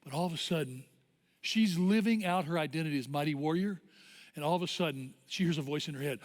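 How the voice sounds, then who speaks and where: A male pastor with a high voice delivers his sermon like an animated story told to friends. His words linger in the long reverb of a church auditorium. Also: fairly quick.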